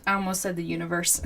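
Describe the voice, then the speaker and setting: Slow, giggly woman in her forties. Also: mid-range voice. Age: 40s. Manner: chatty and giggly, answering viewers' comments. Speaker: crafting livestream host. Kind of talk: casual chat while crafting.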